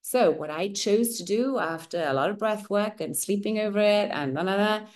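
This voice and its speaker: A middle-aged woman whose first language is German, hosting a women's circle and telling a personal story in a candid, expressive way that keeps checking in with "right?". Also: mid-range voice, normal speed.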